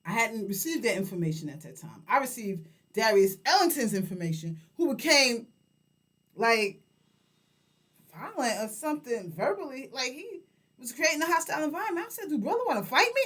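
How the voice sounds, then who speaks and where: A woman's voice: high-pitched, a bit bright. A woman around sixty, a community leader, ranting straight to camera in an indignant, profane and emotional way, speaking directly to the people she is angry with. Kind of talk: direct-to-camera vlog rant.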